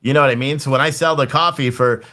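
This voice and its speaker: His delivery is fast, bright, and forceful, with a medium pitch and steady tone. He's a political commentator on a livestream, swearing casually and chatting straight to his viewers in the chat.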